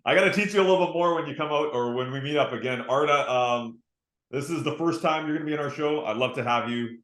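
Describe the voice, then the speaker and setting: A man's voice: fairly high pitch, fast, fairly bright tone, roomy sound. A man hosting a casual interview, friendly and enthusiastic. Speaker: host.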